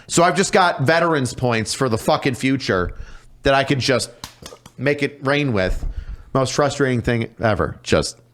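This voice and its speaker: A man, a police officer guest on a podcast, telling stories casually with lots of swearing and quick impressions of other people. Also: mid-range voice. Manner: profane, animated, mimics people in his stories. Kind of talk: casual storytelling.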